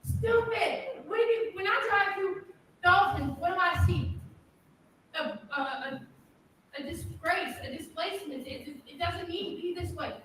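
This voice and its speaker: A woman with a very high, sharp, bright voice delivers a confrontational public comment. She scolds and mocks as she speaks. She is picked up from far off in a big echoing meeting hall with a faint hiss underneath. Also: normal speed. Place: township board meeting room.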